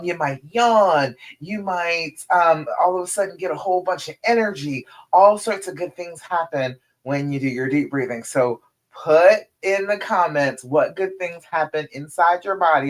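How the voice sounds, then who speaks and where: A woman relationship coach on a live stream, leading listeners through counted breathing and talking them through journaling in an encouraging, direct way. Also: fairly low pitch. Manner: addresses listeners directly as ladies and girl.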